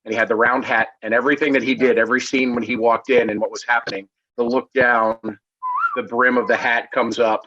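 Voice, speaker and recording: A man's voice: medium pitch, flat delivery, fairly quick, sharp tone, dry recording. A middle-aged man in a casual review chat, rambling and restarting his sentences as he reaches for the point. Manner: rambling, many fillers and restarts. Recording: dull dry lo-fi remote mic.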